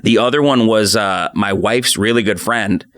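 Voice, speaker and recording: A man with a low voice hosts a relaxed podcast conversation. He tells stories in a loose, chatty way and jumps into the voices of the people he describes. The sound is dry and close. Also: moderate pace, dry recording. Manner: animated storyteller acting out quotes. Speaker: podcast host, attorney. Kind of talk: casual conversational storytelling.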